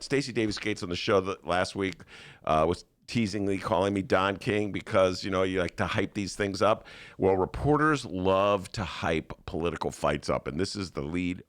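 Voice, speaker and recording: A man with a Chicago accent hosts a casual political talk show from a studio, teasing his listeners and hyping every fight. His voice swings widely in pitch, and the sound is dry and close. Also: dry recording. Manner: animated, jokey, hypes things up, does mock voices. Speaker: podcast host.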